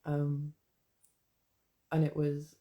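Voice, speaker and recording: A woman's voice: low voice, completely flat delivery, extremely slow, dark tone. A woman poet chatting casually to her viewers, rambling and swearing, then reading her own poem aloud. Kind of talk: casual live chat and poetry reading.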